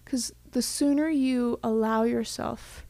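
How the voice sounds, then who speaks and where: A woman's voice: on the high side, steady tone, slow pace, gravelly, mellow, no room sound. A young woman co-hosting a casual chat, speaking heartfelt and reflective, sometimes dropping to a whisper. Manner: heartfelt, reflective, drops to a whisper for quoted thoughts.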